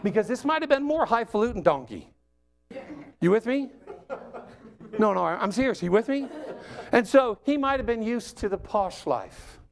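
High-voiced, animated joking preacher man. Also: moderate pace, gravelly, long pauses. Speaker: guest preacher. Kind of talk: sermon.

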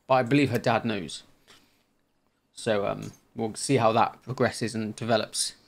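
A man's voice: fairly low pitch, steady tone, measured pace, creaky. A man hosting a gaming channel, chatting through a let's play in an easygoing way and thinking aloud as he goes.

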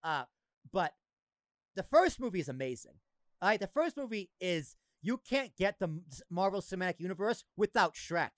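A man in casual podcast chat, excitable and profane, often laughing as he talks. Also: high-pitched, normal speed, no room sound. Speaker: podcast co-host.

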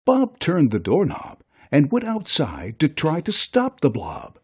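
A narrator reading a children's storybook aloud in an expressive, sing-song way. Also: mid-range voice, unhurried, vocal fry, hardly any pauses.

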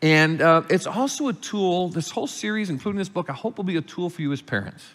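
A middle-aged man preaching a sermon as pastor, explaining scripture calmly and lifting his voice when reading verses aloud. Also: high voice, fast talker. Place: church sanctuary. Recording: reverberant church hall.

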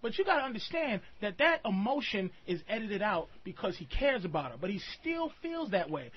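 A man giving blunt, profane advice on a radio show, emphatic and preachy, swinging from low murmurs to shouting. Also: very animated, a little fast, few pauses. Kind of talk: loud profane radio rant. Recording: lo-fi radio broadcast.

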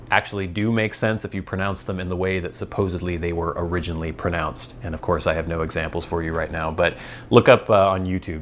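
A man's voice: deep voice, fairly bright tone, slight background noise. A man with a General American accent, rambling in a casual monologue and musing aloud as he explains things. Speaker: vlogger.

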